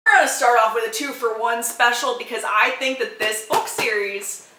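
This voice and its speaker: A young woman chatting casually and excitedly about books to her followers, quick to laugh and half-sing song lyrics. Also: fairly high pitch, roomy sound, slight background noise. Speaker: book content creator. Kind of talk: casual chatty book recommendations.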